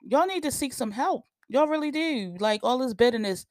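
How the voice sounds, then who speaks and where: Woman, blunt profane rant, animated, dry close sound. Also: high voice, normal speed, dry recording. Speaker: podcast host. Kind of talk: casual opinion rant.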